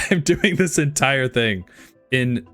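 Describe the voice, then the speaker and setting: A man's voice: mid-range voice, lively intonation, slow pace, a bit bright, faint music behind. Casual male streamer who laughs a lot and swears freely. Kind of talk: live reaction stream.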